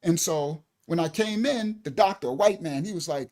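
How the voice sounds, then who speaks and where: A middle-aged male minister tells a personal story in a sermon, talking in a casual, animated way and often repeating words. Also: a little high, moderate pace.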